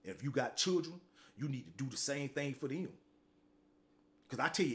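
A man's voice: medium pitch, quick pace. A middle-aged man, hosting a motivational talk show, delivering a blunt, profane, preachy monologue that keeps tagging lines with "man".

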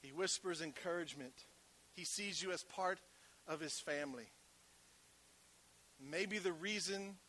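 A man preaching with a high, bright voice that carries. He moves from loud, emphatic calls down to soft, hushed passages, drawing the congregation in with quick conversational asides. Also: slight background noise. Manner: conversational, uses call-and-response asides. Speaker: pastor. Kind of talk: sermon.

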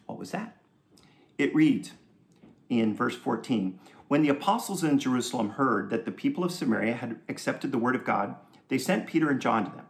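A man preaching a sermon in a conversational, joking way, with asides and quick laughs. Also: medium pitch, animated. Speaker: pastor. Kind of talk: sermon teaching.

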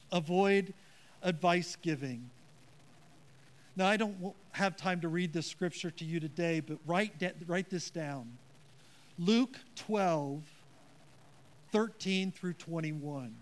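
A man's voice: a little high, slow pace, long pauses. A man preaching a sermon as pastor, earnest and emphatic, with a self-deprecating touch.

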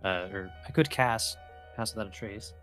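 A man's voice: lowish voice, moderate pace, a bit bright, faint music behind. A man playing a tabletop game, easygoing in casual chat, reading rules aloud in a mumble. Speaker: player.

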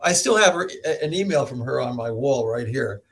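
A middle-aged American man, a professor, telling stories as a podcast guest, animated, laughing often and acting out other people's voices. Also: medium pitch, fairly quick, slightly rough. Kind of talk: storytelling in an interview.

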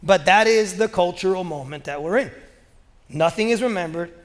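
Male pastor, high voice, loose and joking from the pulpit, church echo trailing behind. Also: normal speed. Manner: casual, joking, conversational preaching. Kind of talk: sermon. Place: church sanctuary. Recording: long reverb of a large hall.

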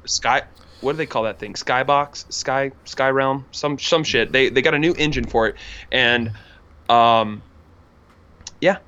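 A man co-hosting a casual podcast chat, relaxed and a little hesitant, trailing into fillers. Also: medium pitch, unhurried, clean tone, highs cut off. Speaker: podcast co-host.

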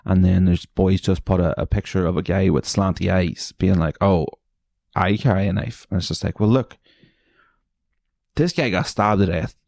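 Man, low voice, dry close sound, podcast host, sweary, mocking, laughs a lot. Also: moderate pace, creaky, darkish tone, no echo. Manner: sweary, mocking, laughs often, jumps into high silly voices. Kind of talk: solo podcast commentary reading online posts.

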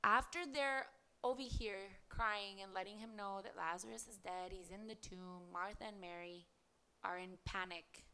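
A woman delivers a devotional podcast sermon in a bright voice. She reads scripture aloud and asks earnest rhetorical questions. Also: medium pitch, fairly even intonation, moderate pace, a little hiss or hum. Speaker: preacher.

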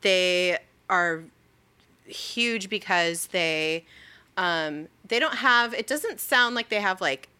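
A woman's voice: medium pitch, expressive, takes it slowly, sharp tone, clean tone. A young woman co-hosting a casual podcast chat, laid-back and filler-heavy, with the odd swear word. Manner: laid-back storytelling, frequent ums and likes, casual swearing. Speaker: podcast co-host.

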